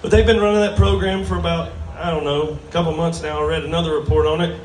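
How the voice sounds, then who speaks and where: A man's voice: on the high side, fairly even intonation, fast talker, a little hiss or hum. A man doing a stand-up comedy set at a brewery, drawling and crude, making fun of himself. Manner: drawling, crude, self-mocking. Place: brewery stage with live audience. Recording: roomy live venue from a distance.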